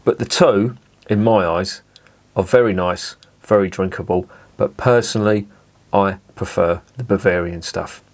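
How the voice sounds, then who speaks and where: A man with a slightly low voice talks through a beer tasting in a relaxed, rambling way. He savours each sip and circles back on his points, stopping now and then to pick the right word. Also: unhurried. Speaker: beer reviewer. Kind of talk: casual tasting review to camera.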